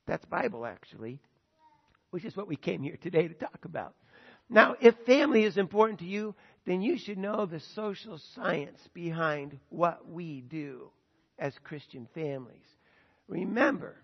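A man with a high voice preaches a sermon, moving from lively storytelling into emphatic argument. His voice rings out with a long hall reverb. The recording sounds somewhat dull and muffled. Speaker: pastor.

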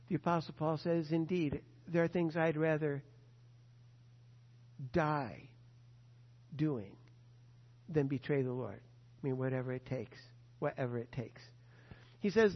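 Earnest high-voiced male preacher in a reverberant hall. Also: fairly even intonation, normal speed. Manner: earnest, repetitive, swings between hushed and emphatic. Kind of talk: sermon. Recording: dull lo-fi sound with long reverb in a large hall.

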